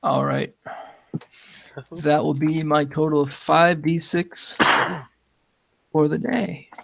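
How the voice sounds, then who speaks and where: Slightly high, gravelly man playing a game. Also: drawn-out words, fairly bright tone, no echo. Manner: easygoing, laughs often. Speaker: player. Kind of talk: casual tabletop game chat.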